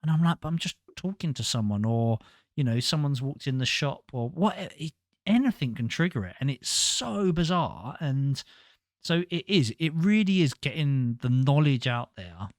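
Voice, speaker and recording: A man's voice: mid-range voice, no echo. A man hosting a podcast, talking in an earnest, rambling way, often stumbling and restarting his sentences. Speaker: podcast host. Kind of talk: casual conversation.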